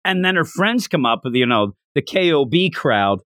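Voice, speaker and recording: Animated man retelling a story. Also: on the high side, moderate pace, no echo, studio quality. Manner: animated, acts out the lines he retells. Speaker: podcast co-host. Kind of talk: casual chat about a manga chapter.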